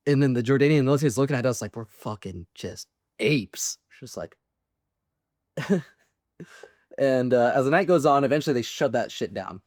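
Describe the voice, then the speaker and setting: A young man in his twenties tells wild, profane stories in a loose, animated way, laughing as he goes. His voice sits at an ordinary middle pitch. The sound is close and dry, with no room around it. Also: no echo. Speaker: podcast guest, Marine veteran. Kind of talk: casual storytelling.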